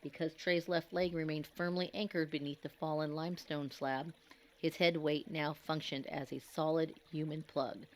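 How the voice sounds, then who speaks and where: A woman narrating a scripted horror story in a grave, measured, dramatic way. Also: low-pitched, level tone.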